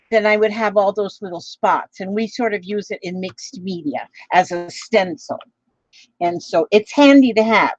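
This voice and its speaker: A woman's voice: mid-range voice, a little mellow, no echo, dull audio. A woman talking casually as a craft vlogger, rambling along with many fillers and restarts. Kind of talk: casual chat.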